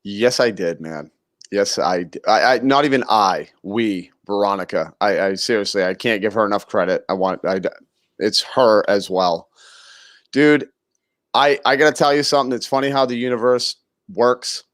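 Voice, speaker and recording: A man's voice: on the low side, normal speed, fairly bright tone, no room sound, clean studio sound. A man co-hosting a casual podcast chat, easygoing and rambling, often restarting his sentences. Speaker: co-host.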